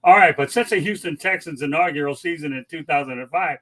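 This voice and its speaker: A man with a raspy voice hosting a sports talk show, reading out stats and joking with his panel. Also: fairly high pitch, fast talker, hardly any pauses, a bit bright, low-quality recording. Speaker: host.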